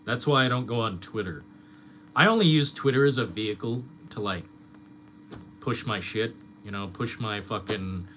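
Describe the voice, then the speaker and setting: A man's voice: on the low side, moderate pace, pushed and bright, slight background noise. A young man streamer ranting in casual chat, swearing a lot and mocking his critics.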